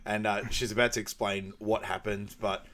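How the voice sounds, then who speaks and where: Male podcast co-host, casual recap, giggly, loud when quoting scenes. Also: fairly low pitch, moderate pace. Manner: laughs often, bursts into loud excited quotes of film lines. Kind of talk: casual movie recap chat.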